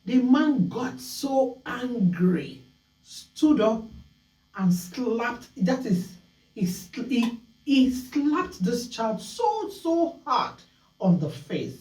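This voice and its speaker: A woman hosts a call-in talk show with a fairly high, lively voice that swings widely as she tells stories. She acts out scolding voices along the way. She sounds echoey, a little back from the mic. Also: very slow, recorded from a distance.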